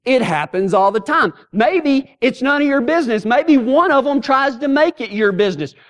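A man's voice: very high voice, normal speed. A middle-aged man preaching a sermon full of folksy, humorous stories. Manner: folksy, humorous, animated storytelling. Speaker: pastor. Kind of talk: storytelling sermon.

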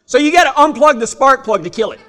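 Give me a high-voiced man spinning a folksy, self-amused yarn. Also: animated, fast talker, sharp tone. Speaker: storyteller. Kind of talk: humorous personal storytelling.

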